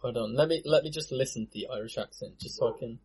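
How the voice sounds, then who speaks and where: A man's voice: medium pitch, fast, darkish tone, a little hiss or hum. Laughing, self-deprecating man. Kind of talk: casual film commentary chat. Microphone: video call.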